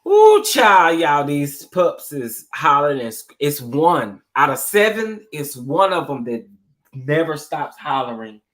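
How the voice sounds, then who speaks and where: A man hosting a casual livestream speaks unhurriedly in a fairly high voice. He's animated and repetitive, talking straight to his viewers in the chat.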